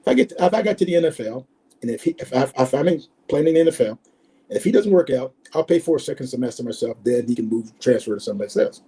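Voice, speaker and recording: An older man in his sixties, a former football player, tells stories in an interview with lively swings in pitch, jumping into the voices of the people he quotes. His voice is mellow and slightly husky. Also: fast talker, poor audio. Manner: animated storyteller, acts out quoted voices. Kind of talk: storytelling interview.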